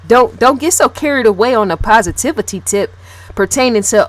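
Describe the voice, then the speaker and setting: A woman's voice: mid-range voice, a little fast. A woman talking straight to camera in a casual, opinionated commentary, blunt and emphatic, repeating herself and swearing freely. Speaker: video blogger.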